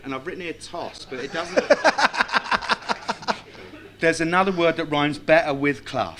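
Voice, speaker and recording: A man's voice: on the high side, normal speed, fairly bright tone. A man speaking at a tribute evening, reciting a tribute poem and telling wry, self-mocking anecdotes to a live audience. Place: club function room with live audience.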